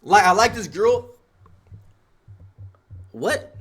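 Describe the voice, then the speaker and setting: Young man, livestreamer, high-pitched, slangy, animated casual advice. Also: drawn-out words, soft background music. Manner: slangy, animated, storytelling with asides. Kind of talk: casual advice talk to chat.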